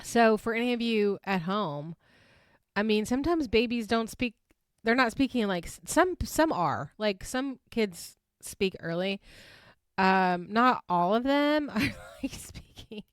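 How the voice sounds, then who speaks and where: A woman's voice: a little high, animated, measured pace, clean tone, dry recording, studio quality. A tired woman hosting a casual recap podcast, rambling and giggling with lots of "like"s. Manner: chatty, giggly, rambling with many likes. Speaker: podcast host recapping reality TV. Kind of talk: casual chat.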